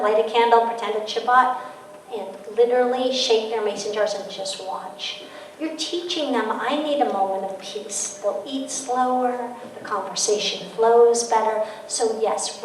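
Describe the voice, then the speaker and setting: A woman author giving a parenting talk to an audience, lively and acting out quoted voices. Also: a little high, a little hiss or hum. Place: school event room with audience. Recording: echoey room, mic from a distance.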